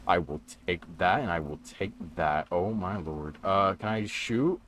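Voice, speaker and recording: A man streaming a game and chatting casually, getting panicky and excitable and repeating himself in bursts. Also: low voice, measured pace, slight background noise. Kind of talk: casual gaming livestream chat.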